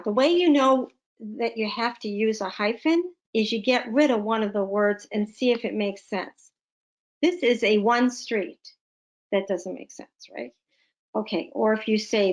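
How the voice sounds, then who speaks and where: A woman teaching a punctuation lesson, explaining patiently with playful emphasis. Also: on the high side. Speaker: literacy teacher. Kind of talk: classroom lesson.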